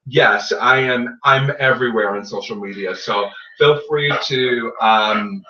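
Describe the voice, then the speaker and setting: In a casual podcast chat, a tarot reader host jokes playfully and pushes his readings. His medium-pitched voice sounds pushed and bright at a measured pace, captured in a roomy, distant, dull lo-fi recording.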